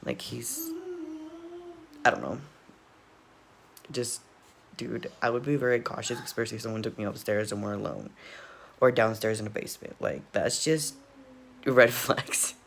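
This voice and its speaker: A man's voice: medium pitch, lively intonation, normal speed, vocal fry, long pauses, a bit bright, slight background noise. A man casually reacting to a video, rambling, laughing often and repeatedly apologizing.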